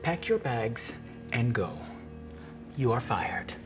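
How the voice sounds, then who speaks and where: An actor playing a mocking, condescending boss in a scripted drama. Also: male voice, mid-range voice, very animated, slow, over music.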